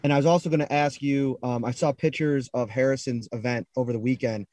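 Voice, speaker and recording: A man's voice: mid-range voice, steady tone, fast talker, dark tone, dry recording. Male reporter with a dry close sound. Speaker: sports reporter. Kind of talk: press conference questions.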